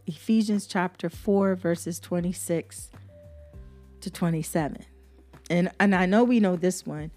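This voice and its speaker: A woman hosts a devotional podcast, reading Bible verses and preaching earnestly, repeating herself for emphasis. Her voice is fairly low and dark, a little slow, with faint music in the background.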